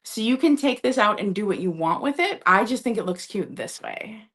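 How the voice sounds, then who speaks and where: Brief: woman, live sale host, upbeat and chatty, mid-pitched voice, webcam at home. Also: expressive, a bit bright, husky. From Minnesota. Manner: chatty, upbeat, quick asides to chat. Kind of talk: casual live-stream selling.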